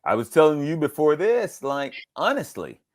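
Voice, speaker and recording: A middle-aged man from Georgia, a voice actor being interviewed, telling animated stories and acting out quotes in different voices. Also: on the high side, normal speed. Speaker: voice actor guest. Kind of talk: casual interview storytelling.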